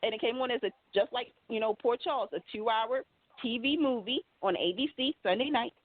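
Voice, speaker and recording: A woman's voice: on the high side, brisk. A woman on a soap opera talk show panel, chatting in a rambling, enthusiastic way. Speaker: podcast panelist. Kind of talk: casual chat. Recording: tinny phone line, dry.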